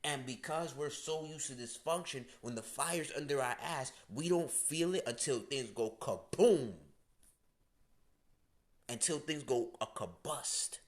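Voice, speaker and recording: Man, middle pitch, blunt, profane, slangy, casual rant. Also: unhurried. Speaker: astrology channel host. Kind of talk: casual direct-to-camera rant.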